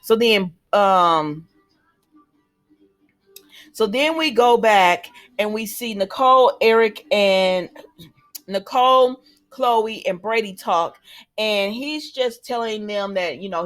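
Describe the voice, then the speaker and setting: A woman giving a casual, chatty recap of a soap opera episode. She keeps retelling the characters' lines in her own words. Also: medium pitch. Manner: chatty retelling that slips into quoted dialogue, many fillers.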